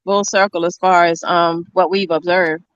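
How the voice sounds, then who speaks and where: A woman's voice: lowish voice, fairly even intonation, moderate pace, no echo, highs cut off. A woman from Virginia, a guest in a casual group call, agreeable and affirming. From Virginia, USA. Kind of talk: casual online group chat.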